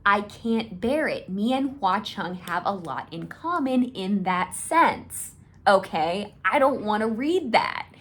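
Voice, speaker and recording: A young woman gushing in a casual fan rant. She is excitable and swears freely. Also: mid-range voice, slow pace. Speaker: video creator.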